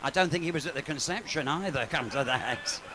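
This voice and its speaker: A cabaret comedian and singer with a high-leaning voice runs through brisk, bawdy patter live in a pub, camp and gossipy and swearing freely. Piano accompaniment and background noise can be heard behind him.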